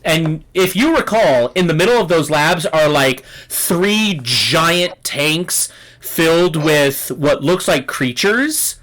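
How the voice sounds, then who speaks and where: A man's voice: a little high, lively intonation, slow, fairly bright tone. A man running a tabletop game as game master, narrating in a loose, filler-heavy way over a video call.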